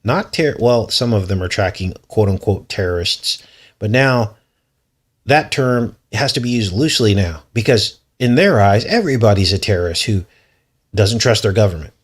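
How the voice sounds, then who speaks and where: A man hosting a news commentary vlog, reading articles aloud and breaking in with suspicious, skeptical remarks. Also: medium pitch. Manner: suspicious, conspiratorial tone. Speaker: channel host.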